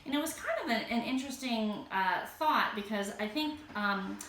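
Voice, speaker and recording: A woman's voice: a little high, animated, normal speed, fairly bright tone. A woman co-hosting a casual podcast, talking through ideas in a conversational way with plenty of fillers. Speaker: podcast co-host. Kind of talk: casual chat. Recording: echoey room, faint noise.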